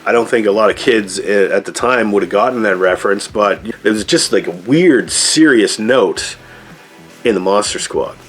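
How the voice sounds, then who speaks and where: A man's voice: fairly low pitch, moderate pace, faint music behind. A man giving a casual movie review, talking loosely with lots of rambling asides. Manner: loose, rambling, frequent "like" and "I don't know" asides.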